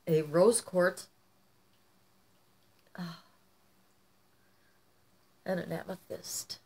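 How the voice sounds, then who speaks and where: Woman, artist vlogger at home. Casual, rambling chat, slightly low pitch. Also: extremely slow, long pauses, a little mellow, slightly rough. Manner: chatty and rambling, often addressing viewers as "you guys".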